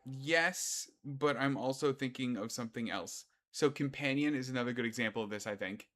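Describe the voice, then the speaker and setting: A middle-aged man co-hosting a podcast in casual chat, animated and joking at his own expense. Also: medium pitch, moderate pace. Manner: animated, jokey, mocking himself. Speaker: podcast co-host.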